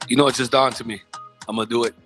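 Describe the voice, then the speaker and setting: A man's voice: medium pitch, over music. A man hosting a morning radio show, chatting casually and animatedly with guests. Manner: animated, quick banter with restarts.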